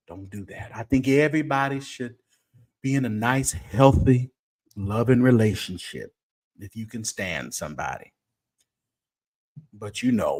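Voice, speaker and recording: Animated, unhurried man hosting a livestream. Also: medium pitch. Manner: chatty, teasing, drawn-out exclamations, talks to viewers. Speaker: show host. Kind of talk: late-night livestream gossip commentary.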